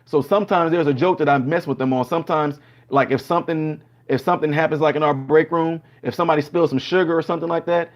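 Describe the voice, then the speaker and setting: A man hosting a show delivers a casual opinion monologue, speaking fast with few pauses in a voice on the high side. He's an animated storyteller who acts out dialogues, and the recording has a dull lo-fi sound.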